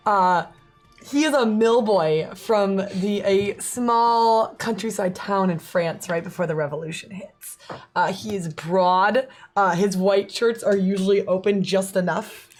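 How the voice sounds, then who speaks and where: Playful woman hamming up her character's description, mid pitch. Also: slow pace, faint music behind. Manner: playful, dramatic. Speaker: tabletop player.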